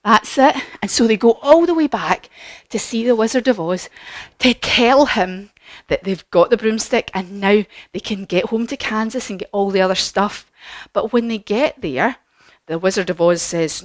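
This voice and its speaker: A woman's voice: medium pitch, moderate pace, dry recording. Encouraging woman leading a kids' yoga story. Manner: animated, encouraging, sing-song storytelling. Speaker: kids yoga teacher. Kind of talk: storytelling yoga lesson for children.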